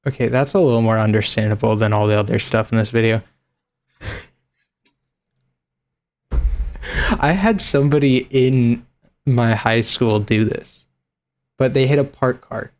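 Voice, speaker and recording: Young adult man, mid-pitched, chatting casually on a stream and laughing often as he reacts to clips. He swears offhandedly and keeps a relaxed, joking tone throughout. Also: a little slow, pauses often.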